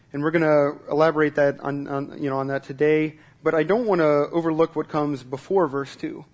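Man, pastor, conversational sermon, fairly high voice, repeats words as he starts sentences, asks the congregation questions. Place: church service.

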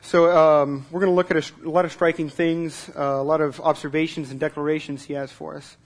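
At a church service, a pastor delivers a sermon in a relaxed, conversational manner, often repeating words as he begins sentences and posing questions to the congregation. His voice runs on the high side and a little fast.

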